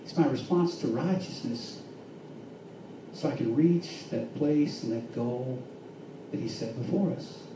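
A man preaching a sermon, swinging between fervent shouts and hushed, quiet stretches. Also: medium pitch, measured pace, long pauses, noisy background. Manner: impassioned preaching with rising shouts and hushed drops. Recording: echoey room from far off with faint ambience.

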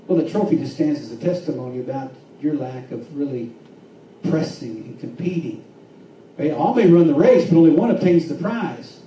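A man preaching a sermon, swinging between fervent shouts and hushed, quiet stretches. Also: a little high, lively intonation, a little fast, a little hiss or hum. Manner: impassioned preaching with rising shouts and hushed drops. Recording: echoey room from far off with faint ambience.

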